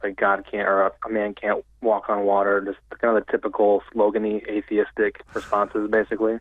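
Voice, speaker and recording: A man's voice: fairly low pitch, monotone, a little fast, no echo. Male caller on a tinny phone line.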